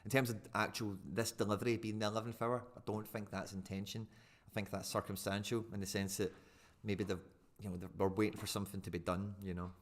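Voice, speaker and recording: A man chatting casually and excitably on a live stream, rambling with fillers as he answers viewers. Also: on the low side, fast.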